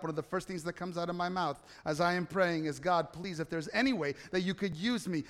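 A man's voice: high voice, fairly bright tone. A man preaching a casual, story-driven sermon to his congregation, often restarting with repeated words. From Italy. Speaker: pastor. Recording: long hall reverb.

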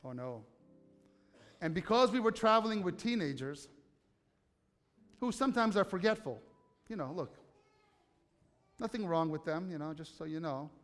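High-voiced pastor in a reverberant hall. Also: male voice, lively intonation, normal speed, pauses often, fairly bright tone, soft background music. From United States. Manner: conversational storytelling, questions to the congregation. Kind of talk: sermon.

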